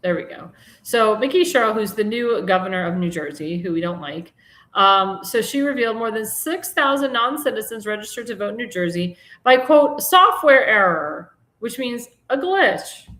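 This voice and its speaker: A woman's voice: mid-range voice, expressive, a little fast, a bit bright, reverberant. A woman hosting a live political talk show, chatting in a rambling way with many restarts and fillers, and turning mocking and indignant about politics. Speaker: host.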